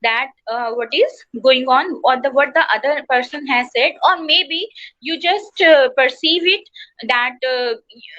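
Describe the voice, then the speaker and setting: High bright woman teaching with Indian accent. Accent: Indian English. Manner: explains slowly with many pauses and fillers. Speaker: online class teacher. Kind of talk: lecture to students. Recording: dull lo-fi online class audio.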